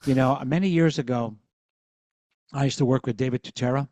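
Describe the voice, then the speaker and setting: A man's voice: medium pitch, brisk, a little mellow, no room sound. A middle-aged man hosting a podcast, talking in a frank, reassuring and reflective way. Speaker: podcast host. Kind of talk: conversational interview.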